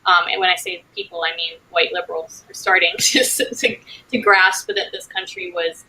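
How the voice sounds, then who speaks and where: A woman's voice: on the low side, steady tone, normal speed, bright, forceful tone, slight background noise, rough recording. A woman moderating a casual panel conversation, thinking aloud with loose phrasing and frequent fillers.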